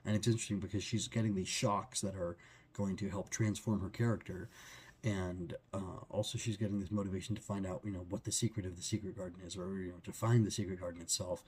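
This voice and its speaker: A man with a low, husky voice reviews a book chapter in casual conversation. He rambles and restarts his sentences often, and pads them with fillers as he thinks aloud. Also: steady tone, fast, a little mellow.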